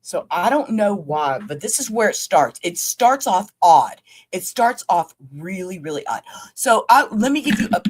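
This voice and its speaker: A woman's voice: mid-range voice, sing-song, normal speed, husky. A woman hosting a late-night livestream, rambling and chatting straight to her viewers as she reviews a trial, swearing casually.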